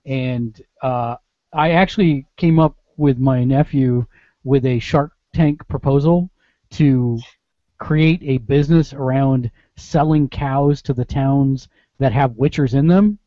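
Speaking slowly in a mid-range voice, a man hosts a casual gaming podcast, cracking dad jokes and rambling as he passes the mic around. There's no echo, but the highs are cut off.

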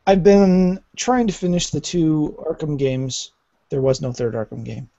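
A man's voice: fairly high pitch, a little slow, creaky, mellow, no echo, muffled recording. A man co-hosting a casual gaming podcast, talking with stumbles and repeated words. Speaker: podcast co-host.

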